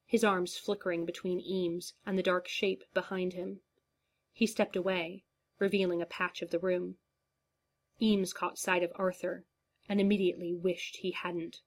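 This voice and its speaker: Slow, low-voiced woman reading a story. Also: darkish tone. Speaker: audiobook narrator. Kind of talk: scripted story narration.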